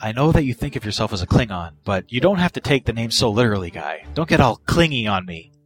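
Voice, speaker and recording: A man's voice: mid-range voice, sing-song, fast talker, soft background music, lightly acted. A man voicing a breezy, aloof woman officer. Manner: teasing, dismissive.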